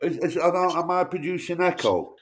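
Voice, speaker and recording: A man's voice: fairly high pitch, expressive, a little fast. A man in his fifties with a northern English accent, chatting casually as a guest on a video call and swearing freely. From northern England. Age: 50s. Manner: chatty, swears freely, says "mate" and "bloody". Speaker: guest on a live stream. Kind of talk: casual chat.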